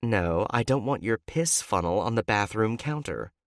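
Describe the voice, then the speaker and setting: A man voicing a guarded, tender woman in love who speaks softly and hesitantly in an audiobook. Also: on the low side, expressive, normal speed, no room sound, clean studio sound, pitched above the performer's own voice. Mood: tender teasing. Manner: soft, hesitant speech.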